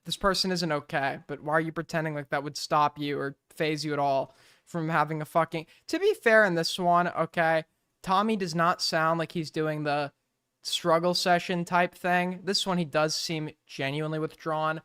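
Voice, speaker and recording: A man's voice: on the high side, fairly even intonation, normal speed, fairly bright tone, clean tone, no echo, clean studio sound. A man streaming and reacting to a clip, speaking casually with joking, sarcastic rambling and frequent swearing.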